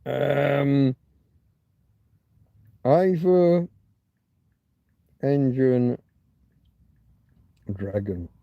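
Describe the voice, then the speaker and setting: A man's voice: mid-range voice, animated, extremely slow, gravelly, pauses often, dry recording, muffled recording. A man hosting a loose livestream, thinking aloud and muttering asides as he reads viewers' chat. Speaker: livestream host. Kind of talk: rambling live chat with viewers.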